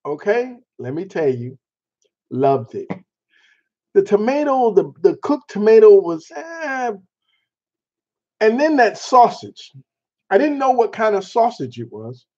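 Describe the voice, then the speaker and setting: A man hosting a casual chat show, telling a story in an animated way with laughter and mild cursing. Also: high-pitched, slow pace, long pauses. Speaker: show host. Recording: dull lo-fi sound.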